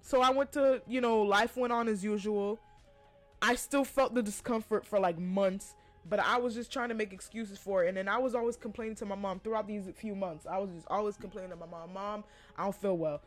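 A woman's voice: medium pitch, brisk, faint music behind. A woman in her twenties telling a personal story in a casual, profane, exasperated way. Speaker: podcast host.

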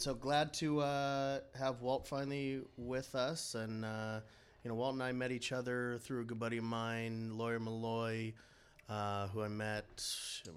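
A man's voice: lowish voice, clean tone. A man who is a guest on a casual podcast, laid-back and laughing easily as he tells his story.

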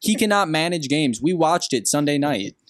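A man's voice: fairly high pitch, lively intonation, normal speed, slight background noise. A young man from Green Bay co-hosting a podcast, giving blunt, opinionated takes in casual sports chat. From Green Bay, Wisconsin. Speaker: podcast co-host.

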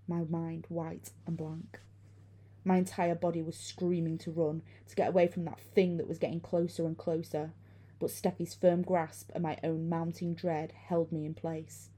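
A woman reading a first-person horror story in a hushed, suspenseful way. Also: fairly low pitch, little pitch movement, moderate pace, breathy edge. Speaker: narrator.

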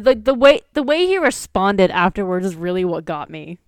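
A woman with a smooth, clear voice in a mid register chats on a podcast, quick with teasing reactions. The recording is close and dry. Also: medium pitch, big pitch swings, no echo. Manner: teasing, quick reactions, playful mock quotes. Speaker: podcast co-host. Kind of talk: casual chat.

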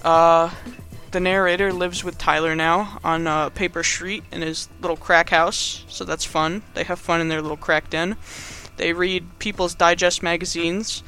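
Bright high-voiced young man rambling. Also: flat delivery, unhurried, hardly any pauses, soft background music. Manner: rambling, slangy, lots of fillers and chuckles. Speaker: video host. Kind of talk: casual movie recap.

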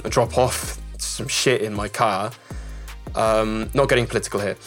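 A young man from the Czech Republic, telling a story in loose, swearing, animated casual chat on a podcast. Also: on the low side, measured pace, soft background music. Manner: swearing, animated storyteller doing character voices.

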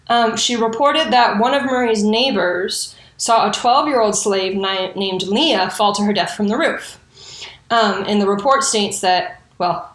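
A woman's voice: fairly high pitch, roomy sound. A woman telling a history story in a casual, profane way, with indignant and sarcastic asides. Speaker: true crime storyteller.

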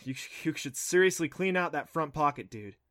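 A man voicing a nervous, excitable young girl with a squeaky voice, in an audiobook reading. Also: normal speed. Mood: sulky. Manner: squeaky, jittery.

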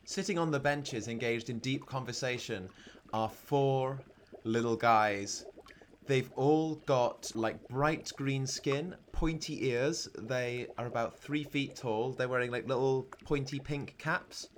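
A man's voice: medium pitch, slow, slight background noise. A man running a tabletop game as game master, narrating scenes in a playful way and laughing often.

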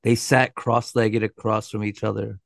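A man co-hosting a podcast, narrating a scripted story in a measured, dramatic way, with a dry aside. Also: on the low side, flat delivery, creaky, no room sound. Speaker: co-host.

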